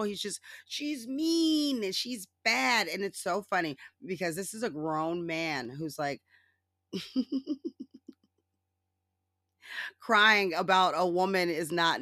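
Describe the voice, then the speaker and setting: A podcast host ranting casually about politics alone, sarcastic and profane, laughing often and mimicking others in exaggerated high voices. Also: sharp tone, dry recording, clean studio sound. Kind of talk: casual solo political rant.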